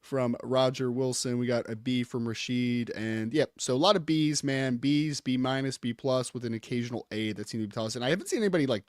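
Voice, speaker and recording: A man's voice: mid-range voice, brisk, few pauses, no echo, clean studio sound. A man co-hosting a sports podcast, speaking casually and reading viewer comments off a list.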